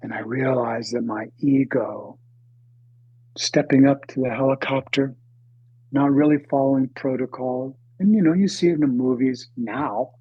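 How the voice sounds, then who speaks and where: A man in his seventies, a podcast guest, telling a story in a halting, dramatic way that swings between loud and hushed. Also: mid-range voice, husky, no room sound. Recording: dry, slightly dull lo-fi recording.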